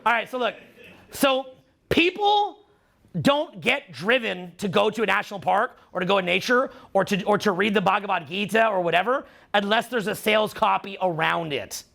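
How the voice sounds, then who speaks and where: Man, Canadian accent, middle-aged, seminar speaker, profane, teasing, bright, gravelly. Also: high voice. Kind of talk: live seminar talk.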